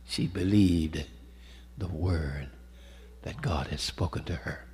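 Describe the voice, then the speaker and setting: A man preaching a sermon, swinging from loud calls to hushed storytelling and calling out to the congregation, in a church sanctuary. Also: low-pitched, slow pace, long pauses, slightly rough. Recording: echoey hall with long reverb.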